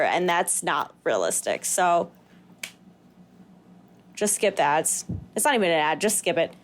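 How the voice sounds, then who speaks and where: A woman's voice: lowish voice, a little slow, long pauses, slight background noise. A woman co-hosting a podcast in casual chat, speaking bluntly and frankly with a wry edge. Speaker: podcast co-host.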